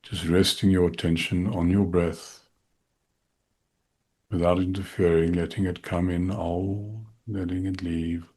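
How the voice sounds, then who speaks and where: A middle-aged man, a shaikh, speaking slowly and softly as he leads a guided meditation and dhikr. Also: deep voice, slightly rough. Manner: slow, soft-spoken, calm guiding voice.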